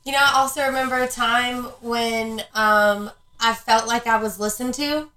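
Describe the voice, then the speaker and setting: A woman's voice: fairly high pitch, steady tone, normal speed, sharp tone. A woman co-hosting a casual podcast chat, speaking emphatically and repeating her points. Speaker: podcast co-host.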